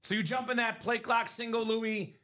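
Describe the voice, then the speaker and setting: Speaking at an extremely high pitch and a moderate pace, a man hosts a trading card break livestream with sales chat. He's animated, trades remarks with his co-host, and lays out the rules for chat, though he's coughing and his voice is going.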